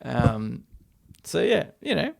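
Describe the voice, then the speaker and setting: A man's voice: medium pitch, sing-song, takes it slowly, gravelly. A man in his twenties co-hosting a podcast, talking loosely with lots of fillers and laughing often. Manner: rambling, giggly, lots of fillers. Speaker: podcast co-host. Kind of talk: casual chat.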